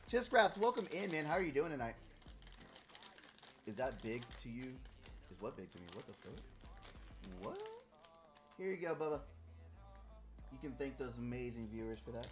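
Male streamer, casual chat with his audience, animated and crude, joking with viewers. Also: mid-range voice, normal speed, long pauses, faint music behind. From Puerto Rico. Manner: loud, profane and playful, reacting to chat.

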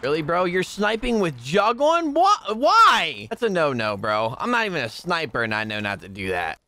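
Animated young man yelling over gameplay. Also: medium pitch, brisk, a little hiss or hum. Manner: talks to viewers, bursts into yelling rage at deaths. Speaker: gaming streamer. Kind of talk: casual gameplay commentary. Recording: faint gunfire behind.

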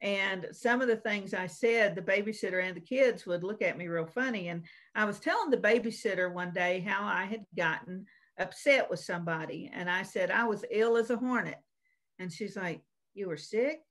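A woman's voice: medium pitch, moderate pace, fairly bright tone. Folksy woman co-host. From Virginia / North Carolina. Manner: folksy storytelling with many fillers. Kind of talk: casual chat.

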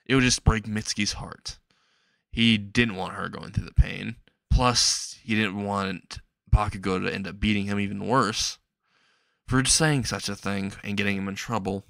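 A man's voice: fairly low pitch, gravelly, fairly bright tone, no room sound. Male narrator, casual rambling fan story, dry close mic, chuckly. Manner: rambling, chuckling at own jokes.

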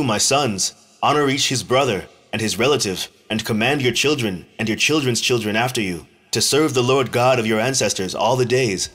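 Man, mid-pitched voice, slow solemn scripture reading, measured deliberate phrasing. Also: a bit bright. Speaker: scripture reader.

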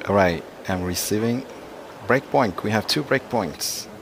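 A man playing a mobile tennis game and commenting live, excitable and self-critical, with frequent exclamations. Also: fairly low pitch, measured pace. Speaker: mobile game let's-play host. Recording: loud background noise.

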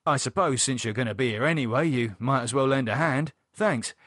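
In a storybook horror scene, a male reader performs an edgy, blunt man reviving a vampire, swearing with dry, sardonic wit and speaking quickly. The voice is middle-pitched, a bit bright and husky, recorded close and dry with no room sound.

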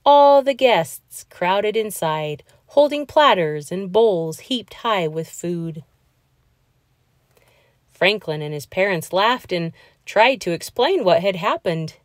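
Woman reading a kids book aloud, slow and super expressive, dry close sound. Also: medium pitch, no room sound. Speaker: children's book reader. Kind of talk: read-aloud storytelling.

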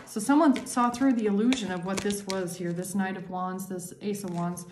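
A woman giving a tarot reading to her viewers, excitable and repeating herself, her voice jumping up high when thrilled. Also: moderate pace, reverberant, background noise. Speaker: tarot reader.

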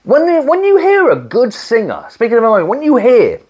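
Gushing, husky hi-fi vlogger. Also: medium pitch, moderate pace. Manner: excitable, gushing, with many restarts and trailing phrases; mimics sounds and drops to a hushed voice. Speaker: hi-fi reviewer, channel host. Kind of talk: casual to-camera review.

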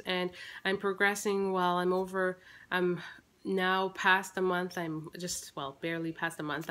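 A woman's voice: fairly low pitch, fairly bright tone. A woman in her thirties giving a chatty vlog update, rambling with restarts and fillers, a little out of breath. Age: 30s. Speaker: family vlogger. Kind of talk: casual personal vlog update.

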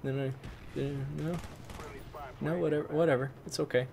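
A man doing excitable gameplay commentary, who swaps swear words for mild ones like "fudge" and breaks into loud, high-pitched outbursts. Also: moderate pace, vocal fry. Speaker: gaming channel host. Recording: faint game noise behind. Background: gunfire from the game.

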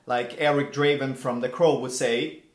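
A middle-aged man hosting a casual vlog, animated and theatrical, with mock outrage. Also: mid-range voice, moderate pace, heavy background noise. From Italy. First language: Italian. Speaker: language channel host. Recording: echoey room.

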